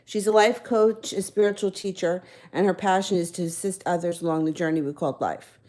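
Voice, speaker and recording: A woman's voice: on the low side, fairly even intonation, a little fast, darkish tone. A woman giving tarot readings on a live stream, talking in a casual, rambling way, correcting herself and chuckling between phrases. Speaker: tarot reader.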